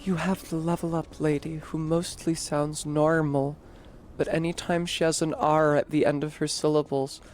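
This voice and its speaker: A man's voice: fairly high pitch, level tone, normal speed, darkish tone. An American man chatting casually while livestreaming a game, rambling with self-corrections and the odd swear. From United States. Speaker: game streamer.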